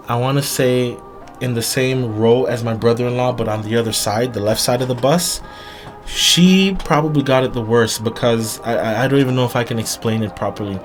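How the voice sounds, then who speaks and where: Man haltingly retelling a frightening story. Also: medium pitch. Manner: halting, with frequent restarts and repeated words; earnest, emphatic retelling. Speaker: vlogger. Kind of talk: personal storytelling to camera.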